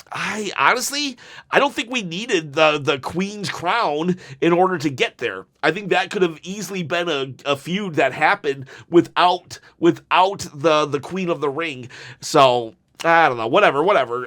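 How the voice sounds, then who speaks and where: A man's voice: fairly high pitch, expressive, moderate pace, pushed and bright. A man reviewing a wrestling show in casual commentary, rambling and exasperated, with restarts and sighs.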